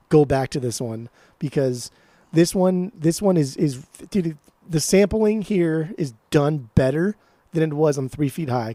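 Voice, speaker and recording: An excitable man in casual podcast chat, swearing freely as his enthusiasm builds. His voice sits a touch high and mellow, recorded dry and close. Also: no room sound. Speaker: podcast co-host.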